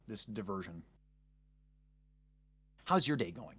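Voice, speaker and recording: A man's voice: lowish voice, expressive, a little fast, fairly bright tone. A man chatting casually as a guest, rambling and self-interrupting with jokes. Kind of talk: casual chat.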